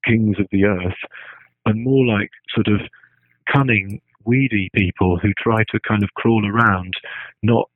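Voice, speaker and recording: A man's voice: lowish voice, fairly even intonation, unhurried, no room sound. A man giving a talk, thinking aloud with frequent restarts and tagging his points with "right?". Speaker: speaker. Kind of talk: lecture-style talk. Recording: dry tinny phone-like sound.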